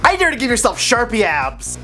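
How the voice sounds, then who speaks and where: A man's voice: extremely high pitch, wildly swooping pitch, fairly quick, bright, forceful tone, faint music behind. A young man hosting a comedic dare vlog and making goofy, wry asides. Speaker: host of a dare show.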